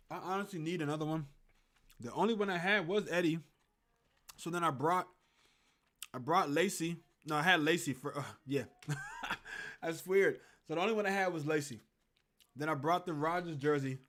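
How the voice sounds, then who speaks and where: A young man hosts a laid-back sports stream from his room. His voice sits a bit on the high side, and he rambles and chats with viewers while calling plays through a desk mic. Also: a bit bright. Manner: rambling, chatty, talks to viewers in chat. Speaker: sports show host. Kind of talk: casual live game reaction stream. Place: at home in a room with a closet.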